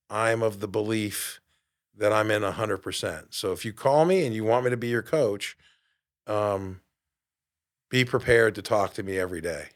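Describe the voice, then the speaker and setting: A man in his late fifties, a podcast host and fitness coach, giving an emphatic motivational talk in a studio, swinging between loud bursts and quiet asides. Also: fairly low pitch. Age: 50s.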